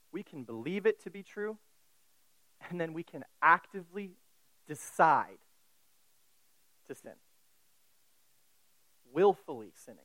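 A man's voice: fairly high pitch, fairly bright tone, no echo, rough recording. A man preaching a sermon in a conversational way, often asking the listeners questions.

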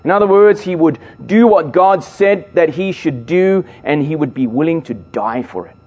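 Man, middle-aged, youth preacher, fairly high voice, playful, emphatic. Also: animated, normal speed, a little mellow, highs cut off. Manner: playful, jokes with the audience, emphatic build-ups. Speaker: speaker at a youth gathering. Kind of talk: sermon to young people.

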